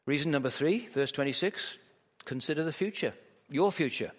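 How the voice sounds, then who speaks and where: A man's voice: on the high side, animated, moderate pace. A man preaching a sermon at a church camp, telling a story vividly and pressing his points with emphatic rhetorical questions. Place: large hall at a church camp. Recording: long hall reverb.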